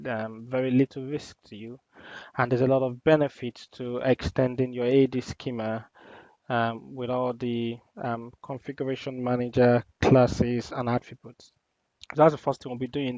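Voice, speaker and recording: A man teaching an IT lesson in a screen-recorded demo, explaining each step in a relaxed way with many ums and uhs. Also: medium pitch, no echo. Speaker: IT instructor. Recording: dull, lo-fi dry voice-over.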